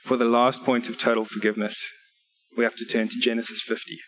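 Male preacher in a church service, delivering an earnest sermon with scripture readings and clear numbered points. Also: medium pitch, level tone, a little fast, a bit bright, slight background noise, rough recording. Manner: earnest, direct appeals to listeners.

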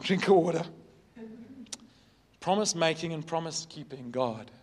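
A man, a pastor, preaching a sermon with earnest storytelling, emphatic repetition, and shifts between loud emphasis and soft, quiet passages. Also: fairly high pitch, lively intonation, unhurried, breathy edge.

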